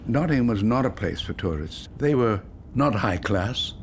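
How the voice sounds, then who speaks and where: A man's voice: lowish voice, lively intonation, moderate pace, slight background noise. An older actor speaking casually and hesitantly about his past. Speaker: interviewee actor.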